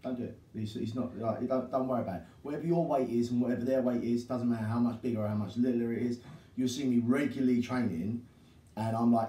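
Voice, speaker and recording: A man's voice: mid-range voice, fast talker, mellow. Brash, sweary man in echoey gym. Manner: blunt, sweary, brash banter. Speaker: podcast co-host. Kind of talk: casual chat. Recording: echoey room, distant mic.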